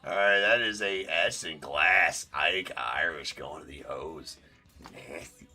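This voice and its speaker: A man's voice: extremely low pitch, slow pace, bright, forceful tone, faint music behind. A man hosting a live card break stream, chatting casually and joking as he opens packs, with the odd swear.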